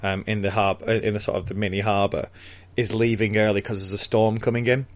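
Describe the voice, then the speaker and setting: A man with a lowish voice talks through a book chapter in casual podcast chat. He rambles and restarts often, and breaks into laughter along the way. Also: level tone, brisk.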